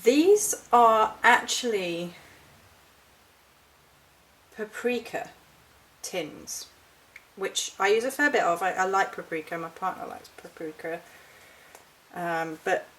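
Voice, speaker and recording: A woman's voice: medium pitch, expressive, takes it slowly, pauses often, fairly bright tone, poor audio. A woman chatting casually through a haul vlog, rambling and correcting herself as she goes. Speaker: witchcraft vlogger.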